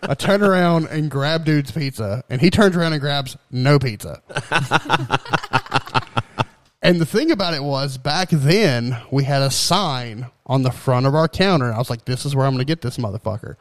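A man's voice: on the high side, normal speed. Laughing, profane young man storyteller. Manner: profane, laughing storyteller who acts out voices. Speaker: podcast co-host. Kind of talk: casual chat.

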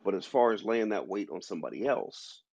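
A man's voice: low voice, sing-song, brisk, vocal fry, a little mellow, husky, dry recording. A man hosting a podcast, arguing his view emphatically in an opinionated discussion. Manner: emphatic, argumentative. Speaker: podcast host. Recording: dull lo-fi sound.

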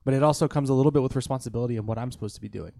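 A man's voice: medium pitch, rapid-fire, gravelly, warm tone, no room sound, studio quality. Thoughtful man speaking hesitantly. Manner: thoughtful, hesitant, many ums. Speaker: podcast co-host. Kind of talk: casual faith talk.

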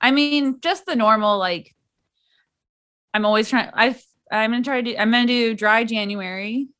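A young woman chatting casually with a friend, easygoing and quick to laugh. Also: fairly high pitch, fairly bright tone, smooth. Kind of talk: casual chat.

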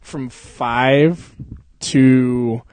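A man's voice: mid-range voice, fairly even intonation, drawn-out words, darkish tone, no room sound. A young man hosting a casual podcast, rambling and swearing, laughing often, sounding sleepy. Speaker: podcast host. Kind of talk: casual chat. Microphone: close podcast mic.

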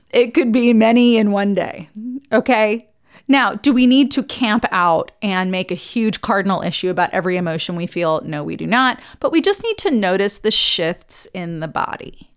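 Brief: female therapist-host, mid pitch, smooth clear voice, chatty explainer who keeps checking in. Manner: conversational, explanatory, frequent "okay?" check-ins. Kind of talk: podcast teaching monologue.

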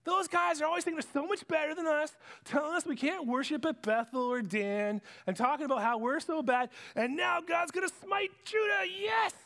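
A man voicing an excited male crowd of ancient Israelites, jeering and shouting in a high voice. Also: moderate pace, hardly any pauses. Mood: gloating.

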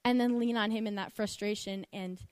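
A young woman giving a candid, emotional personal testimony, halting at times as she speaks to a group. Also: medium pitch, fairly even intonation, darkish tone, no echo, in a large hall. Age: young adult. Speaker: student speaker.

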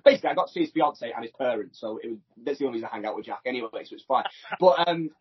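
Husky-voiced chatty podcast host. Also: male voice, medium pitch, lively intonation, racing, lo-fi sound. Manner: chatty, rambling, self-deprecating banter. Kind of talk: casual chat. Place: holiday home in France, remote.

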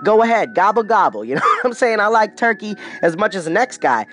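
A man's voice: high voice, sing-song, a little fast, fairly bright tone, faint music behind. A man with a US East Coast accent hosting his show, ranting in a comedic monologue full of rhetorical questions and "you know what I'm saying". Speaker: show host.

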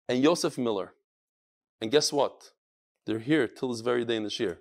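A man giving a lively Torah class to a live group, telling stories and calling listeners up to the front. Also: medium pitch, moderate pace. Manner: animated storyteller who calls listeners up to the front.

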